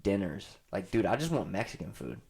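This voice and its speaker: A young man with a fairly low voice chats as a podcast guest. He is laid-back and slangy, agreeing often and swearing casually. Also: big pitch swings, brisk, vocal fry, darkish tone, breathy edge. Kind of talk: casual chat.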